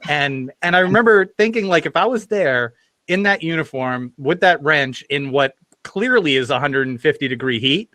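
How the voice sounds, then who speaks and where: A man hosting a podcast with a bright, sharp voice, a little higher than most men. He asks questions in an animated, conversational way, tripping over restarts. The sound is dry and close. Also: moderate pace, dry recording. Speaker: podcast host. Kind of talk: conversational interviewing.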